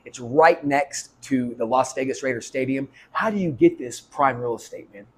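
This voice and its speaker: A man's voice: mid-range voice, husky. A male podcast host asking eager questions in a casual interview, often restarting his sentences. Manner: fast, eager, repeats himself with restarts.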